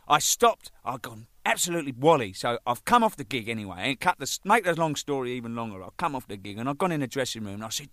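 Animated, sweary man telling stories. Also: mid-range voice, fast, hardly any pauses, dry recording, studio quality. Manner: animated, rambling, swears freely, laughs at own stories. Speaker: band drummer. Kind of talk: casual storytelling.

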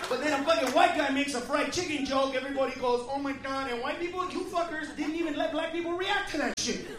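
A man doing a brash, profane stand-up set, yelling punchlines at a live crowd in a comedy club. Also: very high voice, quick pace, background noise. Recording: echoey club audio from far off, crowd laughter.

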